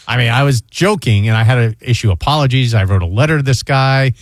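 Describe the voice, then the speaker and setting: Man from New York, radio host, animated storyteller, mid pitch, dry studio read. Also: fast talker, no echo. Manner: animated storyteller, acts out quoted voices. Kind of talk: casual chat.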